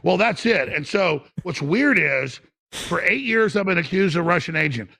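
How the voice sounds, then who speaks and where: Guest: gravelly, bright-edged middle-aged man, fiery, stammers through restarts. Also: sits high, animated, moderate pace, dry recording. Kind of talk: impassioned political talk.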